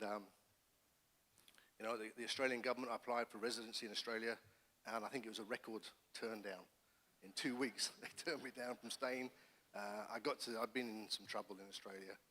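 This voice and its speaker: A middle-aged man, a pastor, giving his testimony in church with earnest, animated storytelling. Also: fairly low pitch. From England. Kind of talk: personal testimony sermon. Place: church hall. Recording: long church hall reverb.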